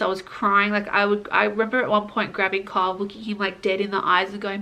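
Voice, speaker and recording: A woman's voice: medium pitch, little pitch movement, fast, hardly any pauses, sharp tone. A young woman vlogger telling her story to camera in a casual, earnest way, full of likes and restarts.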